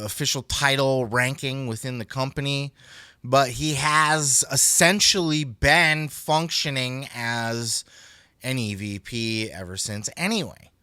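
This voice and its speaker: A man's voice: medium pitch, smooth, no room sound, studio quality. A man hosting a podcast in casual, rambling chat that is peppered with swearing. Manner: profane, rambling, animated. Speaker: podcast host.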